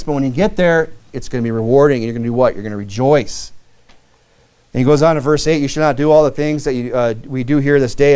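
A man from Michigan preaching a sermon, animated, with many asides and acted-out quotes. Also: mid-range voice, smooth. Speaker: pastor.

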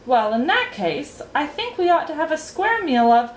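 A woman's voice: high voice, sing-song, normal speed, slight background noise, voice pushed up. A woman voicing a polite, timid young boy who speaks earnestly. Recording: roomy echo, faint ambience.

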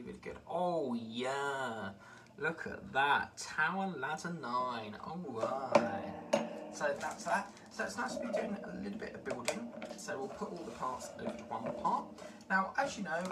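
A chatty man talks through a pile of model parts, rambling and delighted. He sounds set back from the mic, and steady background noise sits under his voice. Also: on the high side, recorded from a distance. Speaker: model-building vlogger. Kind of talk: casual unboxing commentary.

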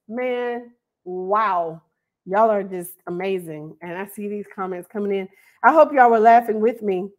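A woman from North Carolina hosting a casual live stream, reading out viewers' names and laughing often as she welcomes them. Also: mid-range voice. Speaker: host of an online hair school livestream.

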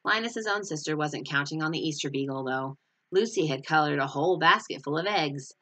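A woman teacher reading a picture book aloud with expressive storytelling. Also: low voice, a little fast.

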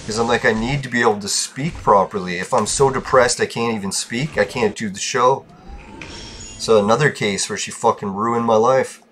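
A man's voice: mid-range voice, moderate pace, fairly bright tone, slight background noise. A man podcasting alone, venting bitterly in a casual, profane rant. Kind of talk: casual ranting monologue.

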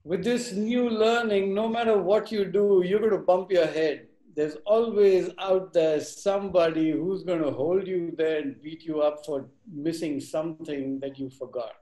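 A man's voice: sits high, measured pace, hardly any pauses, roomy sound, low-quality recording. Man telling a story to a live group. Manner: animated, acts out characters, quizzes the audience. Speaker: workshop speaker. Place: room with a live audience.

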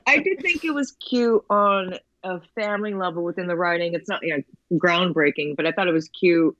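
A woman's voice: fairly low pitch, normal speed, a bit bright, lo-fi sound. A woman co-hosting a podcast, chatting casually with many fillers and quoted asides. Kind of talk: casual chat.

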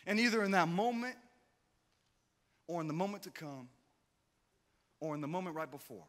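A man preaching a sermon with drama, swinging between loud outbursts and hushed, slow passages. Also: high voice, animated. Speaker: pastor. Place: church hall. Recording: hall reverb.

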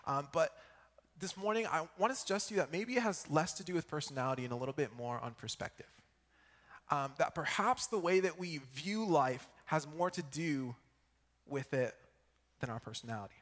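A young man giving a sermon at church, telling a personal story in a lively way and checking in with the audience as he goes. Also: a little high, moderate pace. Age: young adult. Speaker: student preacher. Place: church hall. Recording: echoey church hall.

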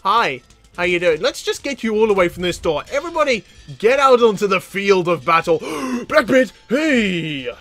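A man with a high, bright voice gives excitable gameplay commentary for his channel, laughing easily and yelping out loud reactions. Faint game music plays quietly behind his voice, which is recorded on a desk mic as he plays. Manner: excitable, quick to laugh, bursts of loud exclamations. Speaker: gaming channel host.

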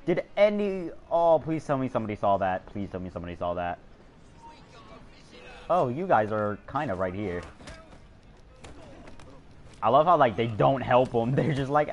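A young man in his teens giving excitable, jokey gameplay commentary while live-streaming, swearing often. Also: medium pitch, moderate pace, long pauses, highs cut off. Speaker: gamer streamer.

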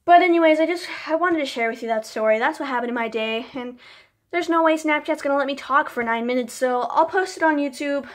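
Young woman talking to camera, chatty + emotional, says like a lot, kinda high voice. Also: fairly quick. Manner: chatty, emotional, many "like" fillers. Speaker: vlogger. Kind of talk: casual storytelling vlog.

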